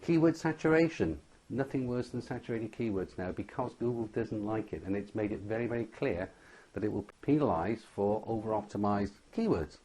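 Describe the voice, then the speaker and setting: A man's voice: lowish voice, expressive, a little fast, warm tone, breathy edge. A man giving a tutorial lecture on website ranking, stressing each point and often checking in with "okay?". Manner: emphatic, repeats "okay?" as a check-in. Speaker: SEO instructor.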